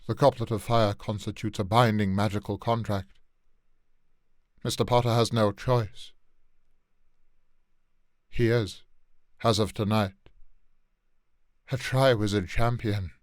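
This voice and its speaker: A man voicing an officious male official who states the rules in a brisk, clipped voice. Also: fairly low pitch, steady tone, no echo, studio quality.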